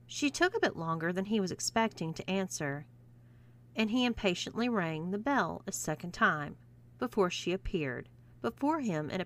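A woman narrating a scripted story in a smooth, measured reading voice. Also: lowish voice, a bit bright.

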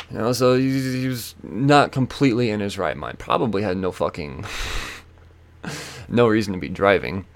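A man hosting a podcast, telling a story in a casual, profane, animated way. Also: fairly low pitch. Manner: profane, animated, acts out quoted voices. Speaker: podcast host.

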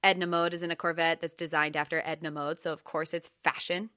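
A woman's voice: low voice, fairly quick, smooth, no room sound, clean studio sound. A young adult woman, co-hosting a casual podcast chat, giggly and playful. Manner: giggly, animated, playful with silly voices. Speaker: podcast co-host.

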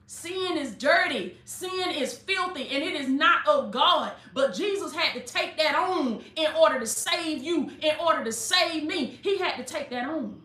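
Bright fervent woman preaching online. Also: high voice, expressive, unhurried, few pauses, roomy sound. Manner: fervent call-and-response preaching, addresses viewers as baby. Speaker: preacher and life coach. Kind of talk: informal online sermon.

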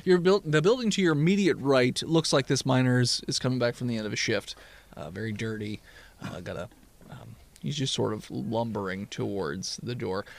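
A man acting as game master in a tabletop game, describing scenes playfully with pauses and fillers. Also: mid-range voice, gravelly.

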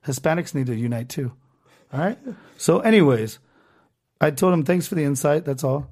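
A man hosts a loose, profane podcast and rants as he reads out online comments. His voice sits somewhat high for a man. He swears freely and talks in a casual, running way. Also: expressive, normal speed, darkish tone. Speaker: podcast host.

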